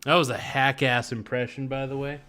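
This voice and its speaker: A man's voice: mid-range voice, level tone, moderate pace, sharp tone. A man as a podcast guest in casual chat, crude, joking and rambling.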